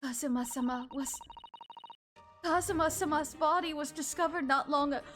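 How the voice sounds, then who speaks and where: A woman's voice: high voice, a little slow, loud music behind the voice, pitched above the performer's own voice. A woman voicing an earnest, formal young woman assistant in a game read-through. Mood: pleading.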